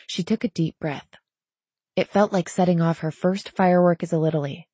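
A woman reading a novel aloud as an audiobook narrator, with steady, even storytelling. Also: lowish voice, no echo. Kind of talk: scripted narration.

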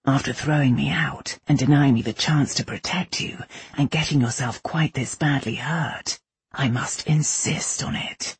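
A woman voicing a brooding, protective young man who talks in a low, growling mutter. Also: unhurried, slightly rough, no echo, full character voice.

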